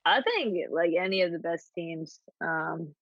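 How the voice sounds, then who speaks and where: A woman's voice: lowish voice, expressive, no echo. Laid-back American woman on dull lo-fi audio. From New Jersey, USA. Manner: laid-back, halting, repeats words. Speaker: footballer guest. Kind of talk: casual interview answers.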